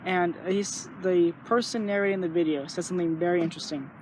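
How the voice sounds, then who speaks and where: A young vlogger with a high voice reflects earnestly in a rambling, casual way, sharing his thoughts and acting out little inner voices. There's slight background noise.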